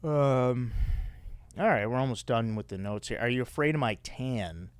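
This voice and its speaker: A man's voice: medium pitch, moderate pace, clear, resonant tone, no room sound. A man hosting a podcast, chatting loosely and teasing his guest. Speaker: podcast host. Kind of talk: casual chat.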